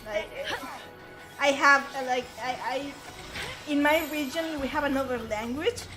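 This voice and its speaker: A woman with a Spanish accent talks loosely on a game stream. Her voice sits high, and she keeps pausing, adding fillers and restarting her sentences. Clear music plays behind her. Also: rough recording. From Spain. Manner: hesitant, many fillers and restarts. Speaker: stream co-host. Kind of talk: casual chat on a game stream.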